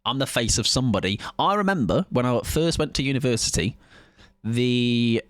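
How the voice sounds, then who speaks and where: A young man streaming a game, chatting loudly and energetically with his viewers and laughing often. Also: mid-range voice, lively intonation, normal speed, dry recording. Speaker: livestreamer. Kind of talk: casual gaming livestream chat.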